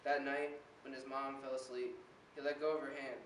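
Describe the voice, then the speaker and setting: A teenage boy performs a spoken word poem at a slam in an indoor room, earnest and rhythmic. His voice is medium in pitch, fairly even, a bit bright, at a moderate pace. The sound is roomy, picked up by a distant mic with a faint hiss.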